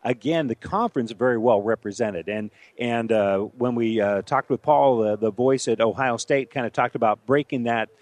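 A male sports radio co-host in casual talk, animated and a little halting as he restarts his sentences. His voice sits mid-pitch, recorded dry and close in a studio. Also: dry recording.

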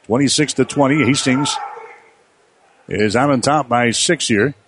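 Guy doing basketball play-by-play, mid pitch, quick steady calls, faint arena hum behind. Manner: rapid running commentary, rising on big plays. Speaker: play-by-play announcer.

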